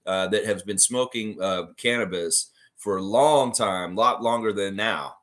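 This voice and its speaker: A man hosting a casual livestream chat, rambling in a relaxed way and reading viewer comments aloud. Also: lowish voice, measured pace. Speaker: livestream host.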